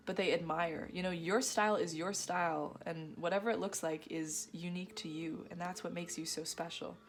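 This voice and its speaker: A woman giving a gushing, affirming tarot reading to her viewers, often breaking into giggles. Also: on the low side. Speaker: tarot reader.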